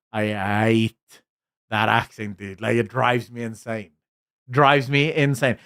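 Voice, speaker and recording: A man's voice: medium pitch, a bit bright. A man talking bluntly in a casual livestream, rambling through opinions with frequent fillers and restarts. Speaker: streamer.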